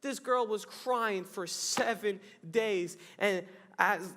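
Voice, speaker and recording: A man's voice: high voice, takes it slowly, sharp tone, in a large hall. A young adult man giving a youth sermon, telling the story with jokes and acted-out exclamations. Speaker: youth pastor. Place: church youth hall.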